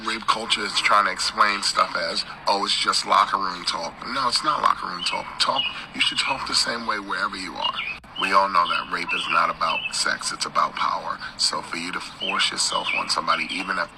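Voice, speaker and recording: A man's voice: low-pitched, fairly even intonation, normal speed, vocal fry, heavy background noise. A man giving firm, emphatic commentary in a played-back social media video clip.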